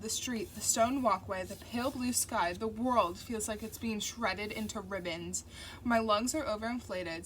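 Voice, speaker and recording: An audiobook narrator, a woman, reads a novel aloud in the first person with a steady, intimate, medium-pitched voice. Faint construction noise drifts in behind her reading.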